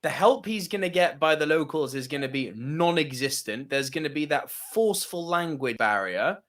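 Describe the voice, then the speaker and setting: A man from France co-hosting a casual movie chat, animated and emphatic, swearing often. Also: on the high side, normal speed. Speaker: co-host of a movie podcast.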